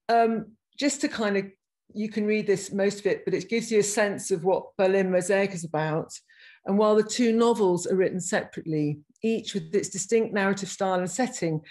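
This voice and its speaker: A woman, giving a reflective talk over a video call and reading passages aloud, with halting phrasing and frequent restarts. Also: mid-range voice, a little mellow, rough recording. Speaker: guest speaker.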